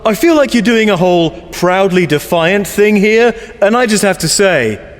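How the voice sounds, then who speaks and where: A man's voice: high-pitched, lively intonation, moderate pace, long reverb tail. A man voicing a condescending young man with a put-on American accent who talks in smug, sing-song internet slang. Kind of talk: comedy sketch acting.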